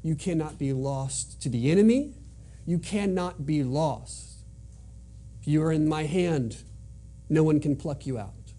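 A man's voice: fairly high pitch, a little slow, warm tone, husky, faint music behind. A man preaching a sermon in an earnest, emphatic way, driving points home by repeating them. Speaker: pastor.

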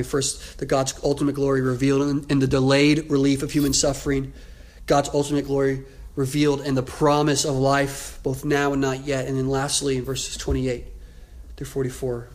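A man preaching a sermon, explaining the text in a conversational way with occasional self-corrections. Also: medium pitch. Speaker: pastor.

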